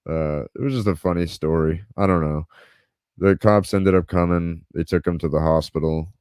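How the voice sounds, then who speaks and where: A man's voice: low-pitched, steady tone, normal speed, darkish tone, clean tone, dry recording, clean studio sound. A man hosting a podcast, telling a story casually, swearing freely and acting out what others said. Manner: laid-back, swears freely, acts out quotes. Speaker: podcast host.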